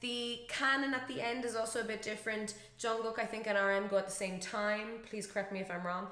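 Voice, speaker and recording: A woman chattily reacting to and breaking down a dance routine, often laughing and shrieking with excitement. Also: a little high, fairly quick. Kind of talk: casual reaction commentary. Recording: roomy echo with faint music behind.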